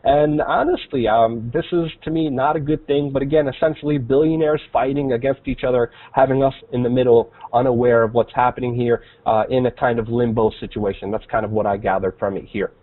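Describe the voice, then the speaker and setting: A man's voice: medium pitch, steady tone, fairly quick, few pauses. A man hosting a political commentary show, talking casually and indignantly, with lots of fillers. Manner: indignant, rambling with many fillers. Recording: tinny phone-like line.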